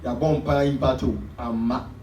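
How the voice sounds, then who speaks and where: A man with a Ghanaian accent preaching a sermon as pastor, with sudden loud emphasis. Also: medium pitch, steady tone, moderate pace, slight background noise. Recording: echoey church hall from far off.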